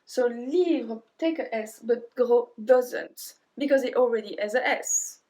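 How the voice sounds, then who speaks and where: French-accented female teacher, measured slow delivery, repeats each word for learners. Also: a little high, warm tone. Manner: repeats words slowly and clearly, sometimes dropping to a whisper. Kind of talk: slow instructional language lesson.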